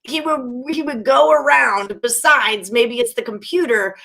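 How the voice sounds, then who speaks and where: A young adult woman guesting on a podcast, chatting casually and giggling through animated stories. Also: on the high side, creaky. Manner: giggly, quick animated storytelling. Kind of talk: casual chat.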